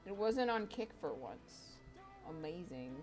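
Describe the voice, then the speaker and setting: A woman's voice: fairly low pitch, big pitch swings, a little slow, darkish tone, faint music behind. A young adult woman streaming while she draws, chatting casually, laughing often and swearing freely. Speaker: streamer and artist. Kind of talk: casual live-stream chat while drawing.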